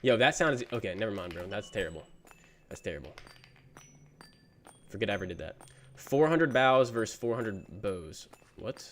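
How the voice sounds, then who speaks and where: A man's voice: fairly low pitch, expressive, brisk, a bit bright, a little hiss or hum. A young man chatting casually on a gaming livestream, reading chat messages aloud and answering them in a laid-back, slangy way. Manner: slangy, says "bro" often. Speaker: gaming streamer.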